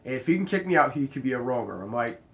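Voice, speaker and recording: A man's voice: racing, gravelly. A young man casually telling a bartending story, acting out each exchange with sudden jumps up in his voice. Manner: animated, acts out the dialogue, jumps high in pitch when quoting others.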